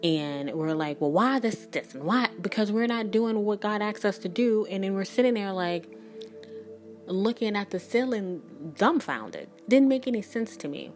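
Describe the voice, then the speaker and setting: A woman's voice: medium pitch, lively intonation, normal speed, a little mellow, soft background music. A woman in her thirties, a spiritual reader and energy worker, talking candidly and bluntly in a rambling, emphatic way and swearing freely. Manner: rambling, many restarts and "like". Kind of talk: candid spiritual vlog talk.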